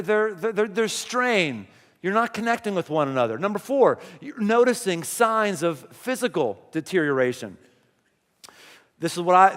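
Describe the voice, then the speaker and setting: A man's voice: sits high, a bit bright. A man pastor preaching a conversational sermon in a large church, full of rhetorical questions. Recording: long hall reverb.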